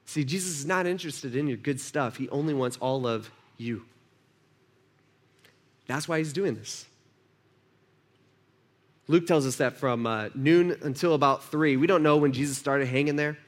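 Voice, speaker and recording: In a mid-range voice at an ordinary pace, with long pauses, a pastor delivers his church sermon as though chatting with the room. He poses questions to the congregation and performs the lines of the characters in his story.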